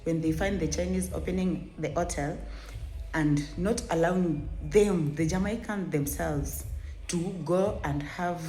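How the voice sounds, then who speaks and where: A woman hosting a reaction video, giving earnest and emphatic commentary that is sometimes slow and halting. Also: deep voice, warm tone. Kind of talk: opinionated commentary. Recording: echoey room with faint ambience.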